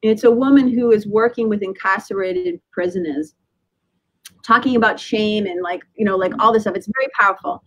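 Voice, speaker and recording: A woman's voice: a little high, animated, brisk, a bit bright, highs cut off. A woman in her fifties, a spiritual teacher speaking as a guest in a podcast interview, earnest and reflective, often laughing and restarting phrases. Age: 50s.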